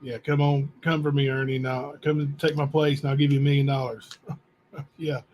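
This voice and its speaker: A man hosting a channel, reading letters aloud to viewers in a plain, unhurried way with asides. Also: medium pitch, level tone, a little mellow, slight background noise. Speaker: channel host.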